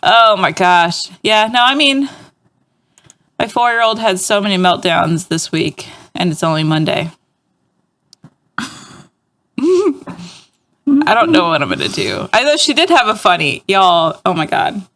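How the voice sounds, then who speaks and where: A woman's voice: mid-range voice, big pitch swings, unhurried, long pauses, a bit bright. A woman, co-hosting a casual chat podcast, laughing often and quoting her kids. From United States. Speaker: podcast co-host.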